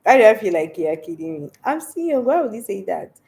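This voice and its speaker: A woman's voice: mid-range voice, animated, quick pace, vocal fry, warm tone. A young Nigerian woman with a stuffy, congested voice from a cold, chatting casually on a livestream and laughing often. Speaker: livestream host. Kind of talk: casual livestream chat reading comments.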